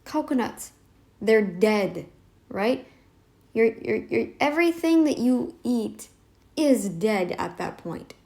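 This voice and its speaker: A woman with a slightly high voice talks straight to her viewers in a casual commentary. She is emphatic and sarcastic, and she keeps piling up rhetorical questions. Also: lively intonation, takes it slowly, creaky, a little mellow. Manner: sarcastic, addresses listeners directly. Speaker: reaction channel host.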